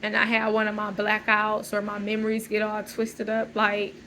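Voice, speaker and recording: A woman's voice: mid-range voice, monotone, normal speed, bright, forceful tone, slight background noise, low-quality recording. A woman in an unscripted emotional monologue, rambling and agitated, repeating "like" as she talks. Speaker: vlogger.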